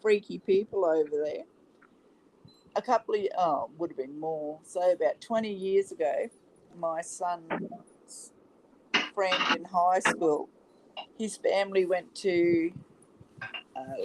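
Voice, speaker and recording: A woman's voice: fairly low pitch, slow, long pauses, a little mellow, a little hiss or hum, poor audio. A middle-aged woman with an Australian accent, hosting a casual chat, telling stories and laughing often. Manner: chatty, laughs often, storytelling. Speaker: host.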